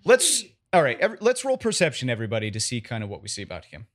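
A man narrating a tabletop game as game master, describing scenes in an animated way. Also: medium pitch, fast talker, soft background music. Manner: animated, descriptive, chuckling at slips.

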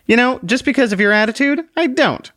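A man's voice: very high voice, animated, a little fast, fairly bright tone, no echo, studio quality, pitched above the performer's own voice. A man voicing an irritable, suspicious grown man who answers with short questions.

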